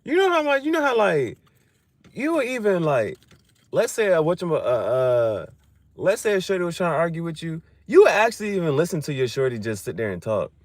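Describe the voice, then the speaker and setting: A man's voice: on the high side, big pitch swings, fairly quick, no echo. A man talking in a loose, rambling chat, laughing often and swearing freely in slangy banter. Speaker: livestream host.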